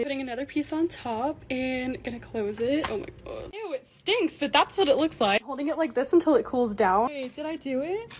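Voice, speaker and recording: A young woman narrating her own lifestyle vlog in a bubbly, excitable, casual way. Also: high-pitched, fairly quick, few pauses. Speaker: lifestyle content creator.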